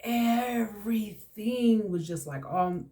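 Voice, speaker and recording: A mid-range, warm voice moving slowly belongs to a woman near forty who hosts a podcast. She tells her personal story openly and with feeling, saying things more than once.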